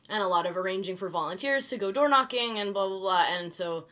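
A woman's voice: mid-range voice, lively intonation, quick pace, pushed and bright. A young woman, co-hosting a casual podcast chat at home, chatty and giggly, rambling through her week. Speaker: podcast co-host. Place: apartment.

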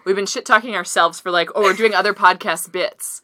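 A woman's voice: medium pitch, fairly even intonation, a little fast, bright, forceful tone, no echo. A young adult woman co-hosting a podcast in casual chat, jokey and swearing freely. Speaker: podcast co-host.

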